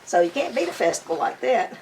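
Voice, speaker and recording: An older woman with a drawl talks fondly and eagerly, piling one story onto the next in a relaxed interview. Her voice sits at a middling pitch for a woman and comes across a little distant, as if the mic is some way off. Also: fairly quick, slight background noise. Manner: enthusiastic, chatty, fond storytelling. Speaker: bluegrass musician interviewee. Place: her home.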